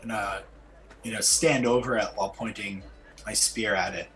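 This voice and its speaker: A man's voice: lowish voice, steady tone, normal speed, fairly bright tone, faint music behind. A man playing a tabletop game, describing what his character does with hesitant fillers. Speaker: player.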